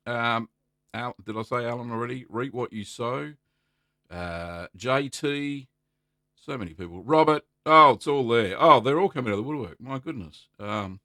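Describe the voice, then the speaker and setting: A middle-aged Australian man hosting a casual live stream, chatty and relaxed, greeting viewers by name and filling pauses with ums. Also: medium pitch, no room sound, clean studio sound. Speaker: livestream host answering cheesemaking questions.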